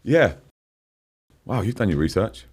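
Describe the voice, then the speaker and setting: A man's voice: lowish voice, very animated, a little slow, breathy edge. A man in his forties, a guest musician chatting casually in a podcast interview, laughing often and saying "you know what I mean" a lot. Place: podcast studio.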